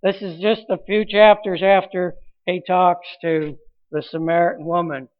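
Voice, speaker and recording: A man's voice: high voice, steady tone, moderate pace, lo-fi sound. A man preaching a sermon as pastor, earnest, with restarts and rising emphasis.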